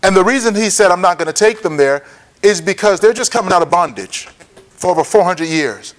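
A preacher with a high-sitting, animated voice leads a Bible lesson, regularly making sure everyone keeps up. Key points get repeated slowly for note-taking.

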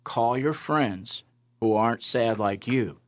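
A man voicing God as a calm, authoritative figure who speaks in a low, quiet, measured way while retelling a personal story. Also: lightly acted.

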